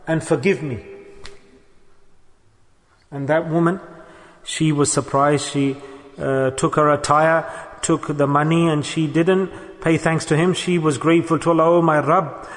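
A man preaching a sermon, telling a moral story and reciting Arabic verses between plain English explanation. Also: on the high side. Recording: hall reverb.

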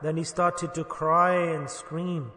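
Male preacher, high bright voice, storytelling sermon that swells to emphatic cries, long hall reverb. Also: level tone, slow pace. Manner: storytelling, rising to emphatic exclamations. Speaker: Islamic preacher.

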